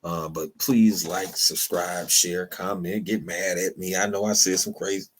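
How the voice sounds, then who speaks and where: A man's voice: a little slow, slight background noise. A man hosting a podcast, chatting casually and animatedly, with frequent laughs. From Illinois, US. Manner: animated, acts out quotes in a higher voice, laughs often. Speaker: podcast host.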